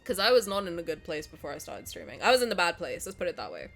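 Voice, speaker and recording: A woman's voice: on the low side, sing-song, fast talker, a bit bright, soft background music. A woman streamer who is sick, chatting effusively with her viewers and reading game text aloud, with many restarts and bursts of laughter. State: sick, slightly congested.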